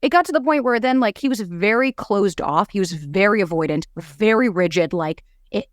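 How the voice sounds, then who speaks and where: A woman's voice: medium pitch, animated, normal speed, no room sound, clean studio sound. A young woman on a podcast, a dating coach telling her own story in candid, casual talk that is peppered with swearing.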